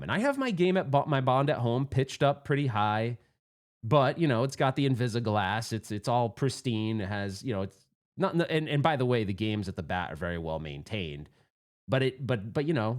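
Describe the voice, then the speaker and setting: Excitable man telling a pinball story. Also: mid-range voice, a little fast. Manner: excitable, rambling, restarts often, rising to agitated outbursts. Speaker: pinball vlogger. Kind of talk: casual storytelling monologue.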